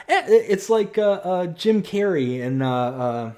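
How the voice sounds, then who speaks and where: A man in his thirties streaming a farming game live, chatting excitably and reading viewer messages aloud. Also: a little high, unhurried, hardly any pauses. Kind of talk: live stream chat while playing.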